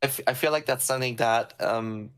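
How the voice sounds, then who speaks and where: A man working as a sound designer, chatting casually on a stream in a relaxed, rambling way with many pauses and ums, over a call microphone. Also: medium pitch, clean tone.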